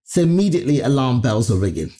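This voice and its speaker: A woman from Nigeria, a comedian, telling an anecdote in an interview with animated, profane delivery. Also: a bass voice, fast talker. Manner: animated, profane, acts out other people's voices. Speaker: comedian guest.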